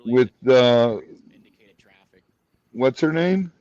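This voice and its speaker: A man's voice: mid-range voice, animated, drawn-out words, a little mellow, no echo. Joking man on a muffled live stream. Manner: joking, exclaiming. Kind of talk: casual live-stream chat.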